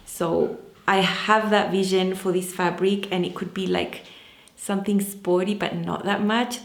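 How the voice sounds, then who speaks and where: A woman talks through a casual fabric haul for her sewing channel, chatty and enthusiastic, with plenty of fillers. Her voice sits at an ordinary middle pitch. The room around her rings with noticeable echo.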